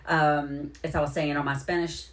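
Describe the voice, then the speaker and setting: Livestream host, woman with a low voice, effusive and rambling, repeats her thanks. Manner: heartfelt, near tears at moments. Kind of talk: casual live-stream shout-outs to viewers.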